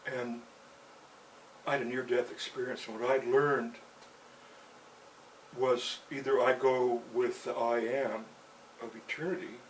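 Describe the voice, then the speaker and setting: A man's voice: mid-range voice, level tone, a little slow, long pauses, a little hiss or hum. Guy rambling thru a story, lots of "you know", kinda far from the mic, faint bug buzz behind. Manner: loose, chatty, peppered with "you know" and chuckles. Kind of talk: rambling personal anecdote.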